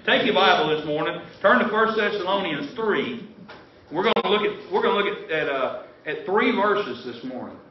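Folksy pastor in a roomy church. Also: male voice, high-pitched, expressive, moderate pace, a little hiss or hum. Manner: folksy, rambling with restarts. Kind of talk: sermon. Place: church sanctuary. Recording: roomy, distant, dull church recording.

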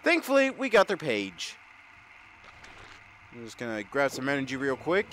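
A young man commenting on his gameplay, excitable and jokey, reacting loudly to what happens. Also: medium pitch, moderate pace, a little hiss or hum. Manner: excitable, jokey, talks over the game. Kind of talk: let's-play commentary.

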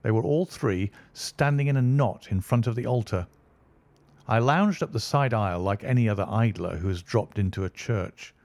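A man narrating an audiobook in a measured storytelling delivery. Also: on the low side, darkish tone, dry recording.

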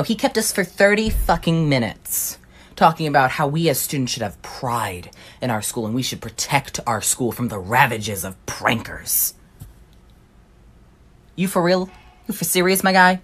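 A young adult telling a funny personal anecdote in an animated, sarcastic way, swearing freely. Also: mid-range voice, moderate pace, slightly rough. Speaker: storyteller.

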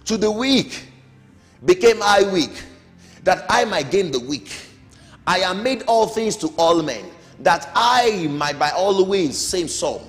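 A middle-aged man teaching a Bible lesson in a high, lively voice that swoops up for emphasis and drops low on each amen. His words ring with a long hall reverb, and faint music plays underneath. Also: slow pace. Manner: emphatic, rising calls and falling amens. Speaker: Sunday school teacher.

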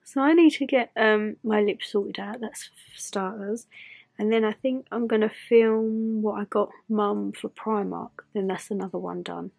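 A woman's voice: mid-range voice, steady tone, unhurried, gravelly, darkish tone. A young woman with a Northern English accent, chatting casually and giggling at herself in a home vlog. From Northern England. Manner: chatty, giggly, self-mocking. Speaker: vlogger.

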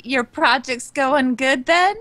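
High bright-voiced woman player. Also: slow, dry recording. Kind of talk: in-character tabletop play.

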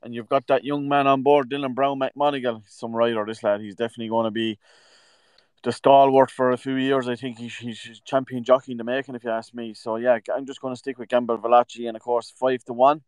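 A man co-hosting a casual horse racing preview, giving his picks in a relaxed, opinionated way. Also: medium pitch, fairly quick, clear, resonant tone, no echo. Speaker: racing tipster co-host.

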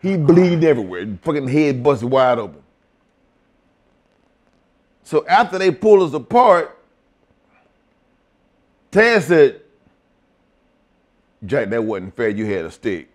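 A man's voice: mid-range voice, big pitch swings, slow, long pauses. Blunt, profane older man telling stories. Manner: blunt, profane, acts out quoted lines. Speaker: retired wrestler, interviewee. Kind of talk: profane storytelling interview.

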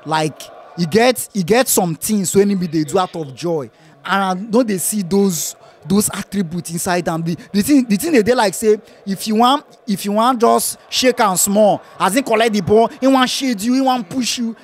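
A young man from Nigeria speaking Nigerian Pidgin English, giving a lively, laughing football match reaction. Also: sits high, moderate pace. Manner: lively, laughs often, repeats phrases. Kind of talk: casual post-match chat.

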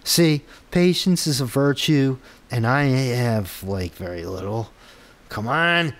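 A man with a mid-range voice and lively intonation takes his time speaking. Recording a casual tech vlog of his screen, this app developer tests his own app, talking to himself while debugging and rambling with frustrated, self-deprecating comments.

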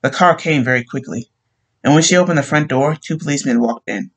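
A man's voice: medium pitch, brisk, fairly bright tone, poor audio. Man reading a short story aloud. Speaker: narrator.

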